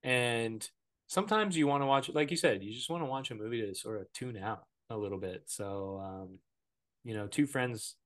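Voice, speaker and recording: A man hosting a casual film podcast, his pitch sitting in an ordinary middle range. He rambles through the plot with jokes and filler words, in an easygoing, conversational way. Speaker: podcast host. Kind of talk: casual movie-review chat.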